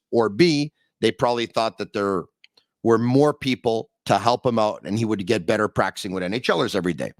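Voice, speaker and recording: A man's voice: lowish voice, fairly quick, no echo. A man hosting a sports podcast from his home basement, setting up questions in a casual, self-deprecating way. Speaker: podcast host.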